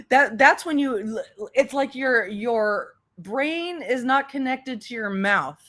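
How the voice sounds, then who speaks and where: A woman's voice: a little high, animated, extremely slow, a bit bright. A woman hosting a reaction commentary, talking in a sarcastic, mocking way. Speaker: commentary channel host.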